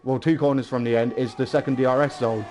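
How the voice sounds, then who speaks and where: A man's voice: mid-range voice, steady tone, background noise. Analytical male race co-commentator. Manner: measured, analytical, explains strategy and stats. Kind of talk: live esports race commentary.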